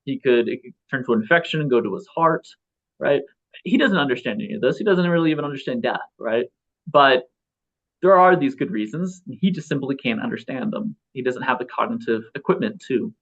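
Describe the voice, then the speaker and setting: A man's voice: mid-range voice, expressive, a little fast, a bit bright. A man in his thirties, a philosopher guest in a casual interview, talking in a rambling way with many restarts and fillers. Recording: slightly dull lo-fi audio.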